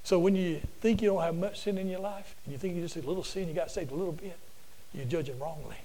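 Preacher man, high voice, folksy and animated, repeats himself telling a story. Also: quick pace, rough recording. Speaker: preacher and teacher. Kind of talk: storytelling sermon.

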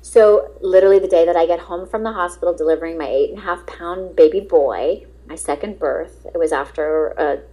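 A middle-aged woman, a guest actress, telling lively anecdotes in an interview and acting out the dialogue. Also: lowish voice, fairly quick, few pauses, low-quality recording. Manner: lively, acts out quoted dialogue, laughs often.

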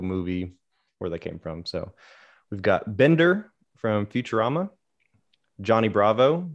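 A man on a casual podcast, reading out a list in a steady, matter-of-fact way with small asides. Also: fairly low pitch. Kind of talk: casual chat.

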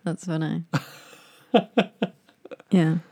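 A woman's voice: deep voice, flat delivery, drawn-out words, gravelly, mellow. A woman co-hosting a casual chat podcast, playful and laughing often as she acts out silly scenarios. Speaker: podcast co-host.

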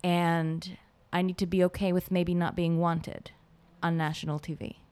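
Low-voiced woman in casual chat. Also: little pitch movement, normal speed, darkish tone, smooth. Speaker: podcast co-host.

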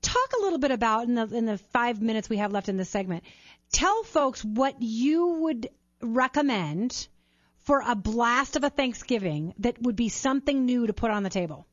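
A woman hosts a radio interview with eager, enthusiastic praise, her voice a little high. The studio sound is dry and slightly dull. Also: animated, moderate pace, no room sound. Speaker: radio host.

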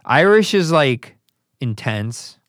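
A man's voice: mid-range voice, sing-song, takes it slowly, dry recording, clean studio sound. A man hosting a podcast in casual chat, teasing his guest and laughing often. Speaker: podcast host.

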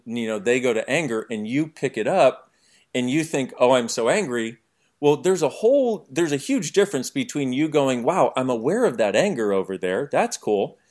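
A man talking as an interview guest, animated and jokey, explaining his ideas through everyday examples. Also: mid-range voice. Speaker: podcast guest. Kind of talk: conversational interview.

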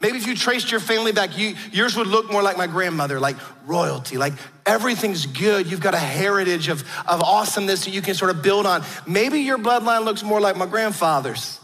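A man's voice: sits high, brisk, hardly any pauses, sharp tone. A man preaching a sermon, telling stories earnestly with frequent restarts. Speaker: pastor. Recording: long hall reverb.

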